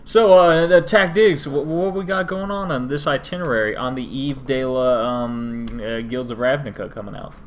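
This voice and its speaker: A man's voice: medium pitch, moderate pace, few pauses, a little hiss or hum. A male podcast host with a mid-range voice, telling a fantasy storyline in a loose, irreverent ramble. He leans on fillers and restarts as he goes. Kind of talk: casual lore retelling.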